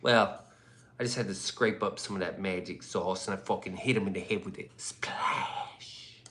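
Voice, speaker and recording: A man's voice: low voice, brisk, a bit bright. A man hosting a livestream in rambling casual chat, profane and loose, often laughing. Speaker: livestream host.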